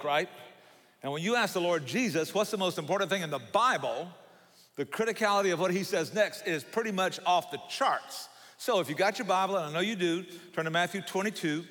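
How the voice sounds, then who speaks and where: An older man with a thick Southern Georgia accent preaches in a church, spinning folksy, joking stories. His voice sits a little high for a man and rings with the long reverb of a large sanctuary. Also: fairly bright tone. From Savannah, Georgia. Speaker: guest pastor. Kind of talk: sermon.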